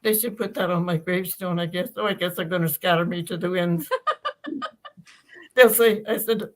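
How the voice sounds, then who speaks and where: A woman's voice: fairly low pitch, big pitch swings, normal speed, rough recording. An elderly woman chatting as a podcast guest, rambling with restarts and telling stories. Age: older. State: uses hearing aids. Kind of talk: casual chat.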